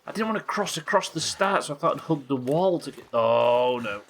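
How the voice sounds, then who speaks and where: A man's voice: on the high side, expressive, a little fast, fairly bright tone. A British man giving live commentary while streaming a game, swearing often, muttering to himself and chatting with his viewers. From Britain.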